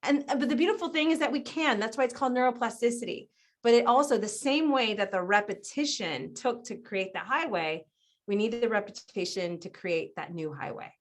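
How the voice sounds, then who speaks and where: A woman guest on a podcast interview, explaining ideas in an animated way, often laughing and acting out other people's voices. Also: a little high, a little fast. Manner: animated, acts out quoted voices. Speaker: guest business strategist.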